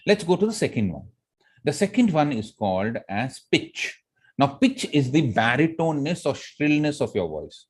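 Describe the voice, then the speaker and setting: A man's voice: on the high side, very animated, moderate pace, husky. A man teaching public speaking who asks the class frequent questions. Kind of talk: classroom lesson on voice modulation.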